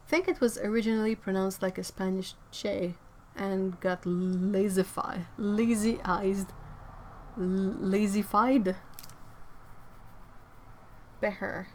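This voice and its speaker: A woman from Quebec, chatting casually on a livestream and answering viewers, playful and quick to laugh. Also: medium pitch, a little hiss or hum. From Quebec, Canada. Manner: chatty and playful, with frequent laughs and self-corrections. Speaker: artist livestreaming.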